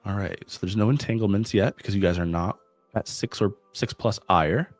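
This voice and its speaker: A young man acting as game master, reading out rules in an even, measured way. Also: on the low side, no room sound, soft background music. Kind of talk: explaining game rules at a tabletop session.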